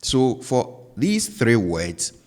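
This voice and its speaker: A man teaching a language lesson, patiently explaining and repeating example words with exaggerated pitch. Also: huge pitch swings, very slow, long reverb tail.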